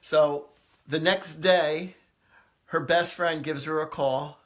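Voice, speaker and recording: A man with a fairly high, steady voice talks at a slow pace while hosting a psychic live stream from indoors. His storytelling is casual and chatty, full of fillers and frequent laughter.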